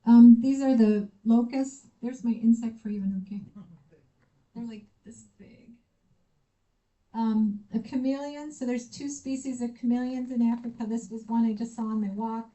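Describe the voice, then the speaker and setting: A woman's voice: on the high side, rough recording. An American woman giving a university lecture, telling personal stories and acting out the dialogue. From United States. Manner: lively storytelling, acts out quoted dialogue. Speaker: visiting researcher giving a lecture. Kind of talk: conference talk with personal anecdotes.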